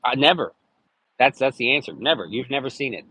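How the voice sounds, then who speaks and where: A man's voice: medium pitch, animated, fairly quick, bright, forceful tone, slight background noise, rough recording. A man chatting casually on a live stream, rambling and joking with lots of cursing. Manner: crude, rambling, jokey with frequent cursing.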